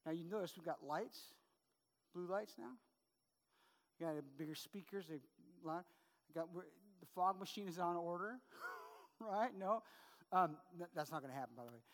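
A middle-aged man preaching a sermon as pastor, conversational and full of quick "right?" asides to the congregation. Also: high voice, a bit bright, big-room sound.

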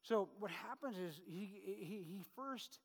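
A middle-aged man preaching a sermon as pastor, conversational and full of quick "right?" asides to the congregation. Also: high-pitched, expressive, long reverb tail.

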